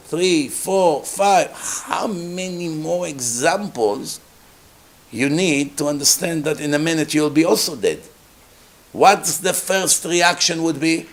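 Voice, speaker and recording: A man, a rabbi, giving a Torah lecture in English with non-native grammar, telling the story with lively acted-out voices. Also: slow pace. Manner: animated storytelling, acts out characters with big pitch jumps.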